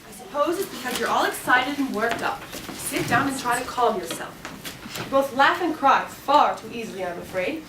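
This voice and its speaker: An actress playing a stern, practical spinster guardian who speaks in a curt, no-nonsense way, in a stage play recorded from a distance. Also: female voice, high-pitched, animated, normal speed. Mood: brisk. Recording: echoey hall, distant mic, background noise.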